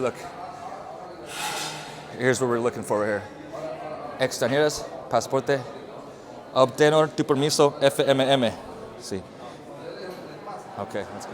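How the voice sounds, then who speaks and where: A man from the United States talking casually to his vlog camera outdoors at a border crossing, slangy and relaxed, with lots of "bro" and "dude". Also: medium pitch, normal speed, long pauses, a crowd in the background. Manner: slangy and laid-back, peppered with bro and dude. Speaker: vlogger. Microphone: handheld microphone.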